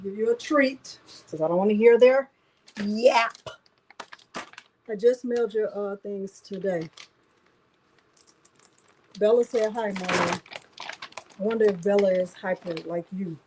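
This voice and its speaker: A woman's voice: medium pitch, a little slow, pauses often, a little mellow, a little hiss or hum, low-quality recording. A woman hosting a casual craft livestream, chatting and greeting viewers by name one after another.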